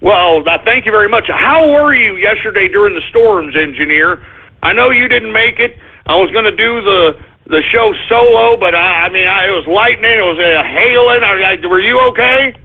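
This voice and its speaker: A male radio host rambles through anecdotes and shout-outs with a profane, restless delivery. His voice sits high and husky, squeezed through thin phone-like audio. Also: lively intonation, normal speed. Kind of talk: rambling anecdote and show segments.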